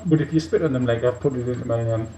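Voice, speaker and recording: A man doing a tipsy, deep-voiced Optimus Prime. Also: rapid-fire, dark tone, close to an everyday voice. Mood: tipsy rambling. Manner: rambling, drifting off on tangents with many fillers. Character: tipsy male robot leader, rambling and earnest. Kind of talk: comic monologue in character. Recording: muffled, roomy, faint hiss.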